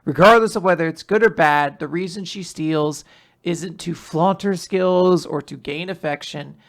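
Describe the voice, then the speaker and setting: Podcast host doing a corny earnest male detective, stiff sincere speechifying, gravelly edge. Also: medium pitch, normal speed, close to an everyday voice.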